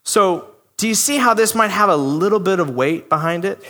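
A man's voice: high voice, animated, normal speed, bright, forceful tone. A man preaching a sermon in a conversational, emphatic way, acting out the voices he quotes. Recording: long hall reverb.

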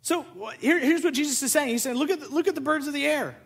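A man who is a pastor, preaching a sermon and acting out both sides of a conversation in an animated storytelling way. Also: extremely high pitch, quick pace, creaky.

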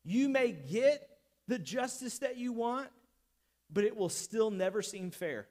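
A man preaching a sermon as pastor, impassioned and building up to shouted lines. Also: sits high, lively intonation, unhurried.

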